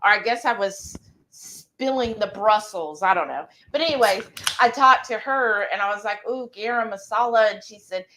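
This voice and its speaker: A woman hosting a live cooking stream, chatting casually in an excited, rambling way. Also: mid-range voice, moderate pace, slight background noise.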